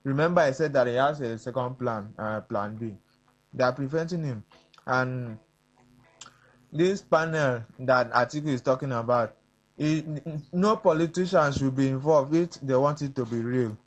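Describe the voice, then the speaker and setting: A man's voice: mid-range voice, highs cut off. Earnest man calling a radio show. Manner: earnest, halting with many fillers. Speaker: caller. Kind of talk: phone-in opinion.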